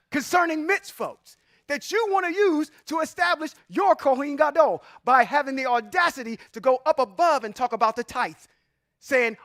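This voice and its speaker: A man's voice: very high voice, expressive, normal speed, pushed and bright, no echo, studio quality. A man giving an informal Bible teaching, emphatic and full of rhetorical questions, chuckling often and saying "y'all". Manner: informal, says y'all and come on now. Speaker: religious teacher.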